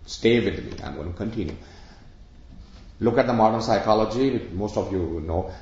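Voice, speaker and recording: A man with a fairly low, darkish voice gives a spiritual talk, posing questions and drawing on daily-life examples for about sixty listeners. The room echoes, and the audio is dull and low-fidelity.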